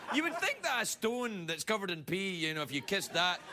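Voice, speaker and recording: A man's voice: sits high, a little slow, crowd noise. A middle-aged man, hosting a late-night talk show and joking through a comic monologue. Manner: animated, joking, laughing at own jokes. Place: TV studio with live audience.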